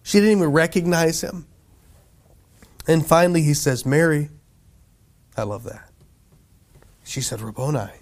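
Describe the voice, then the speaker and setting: A man's voice: on the high side, gravelly, darkish tone. A man preaching a sermon in a loose, conversational way, joking and asking the congregation questions. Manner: conversational, jokey, asks the crowd questions. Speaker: pastor.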